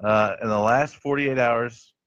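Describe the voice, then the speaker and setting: A man hosts a jokey podcast, reading odd news stories with a deadpan edge. His voice sits in a middle register. The sound is dry and a little dull, like a plain home setup. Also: mid-range voice, measured pace, dry recording. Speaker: host. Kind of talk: jokey comedy podcast chat.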